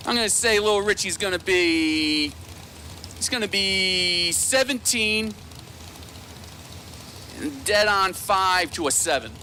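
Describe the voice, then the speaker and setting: A man calling drag races live from the announcer tower, joking, excitable and teasing the racers. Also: sits high, slow, pauses often, a little hiss or hum. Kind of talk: live race commentary.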